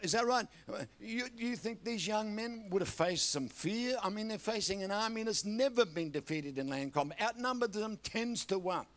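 An older man with an Australian accent preaches with animated storytelling, often turning to his congregation for a response. His voice sits high for a man. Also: moderate pace. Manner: animated storytelling with repeated audience call-outs. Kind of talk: sermon.

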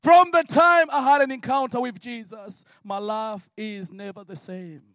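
A man from Africa preaching a sermon and telling his own story, swinging from hushed words to shouted prayer. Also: extremely high pitch, fairly even intonation, measured pace, no echo, clean studio sound. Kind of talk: sermon testimony.

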